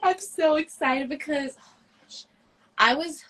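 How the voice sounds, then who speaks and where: A woman co-hosting a casual podcast, telling stories in an animated, dramatic way with quick asides. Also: high-pitched, crowd noise, rough recording. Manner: animated, dramatic retelling with laughter. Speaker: podcast co-host. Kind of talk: casual chat about books.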